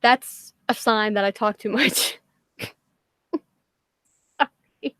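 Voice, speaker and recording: A woman's voice: fairly high pitch, slow pace, fairly bright tone, no echo. A woman with a Boston accent hosting a casual livestream, swearing constantly and rambling with self-deprecating jokes. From Massachusetts. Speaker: livestream host.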